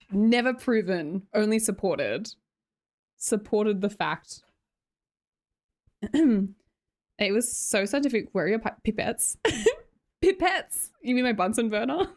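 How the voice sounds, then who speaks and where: A woman's voice: mid-range voice, a little mellow. A young Australian woman live streamer chatting casually and giggling as she reads her chat aloud into a desk mic. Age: young adult.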